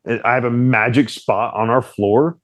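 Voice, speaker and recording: A man's voice: medium pitch, normal speed, dry recording. Playful young man co-hosting a chat. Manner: playful, teasing, animated storyteller. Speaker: podcast co-host. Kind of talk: casual couple's chat.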